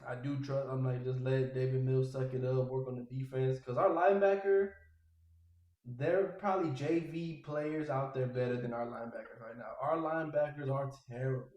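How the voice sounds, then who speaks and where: A man hosting a casual sports podcast, ranting in an exasperated, animated way. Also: medium pitch, moderate pace, echoey room, lo-fi sound. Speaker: podcast host.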